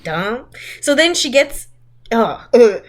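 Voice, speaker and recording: A woman's voice: on the high side, takes it slowly. A woman co-hosting a podcast, chatting casually and roasting a movie with lots of laughter. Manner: chatty, animated, laughs often. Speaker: podcast co-host.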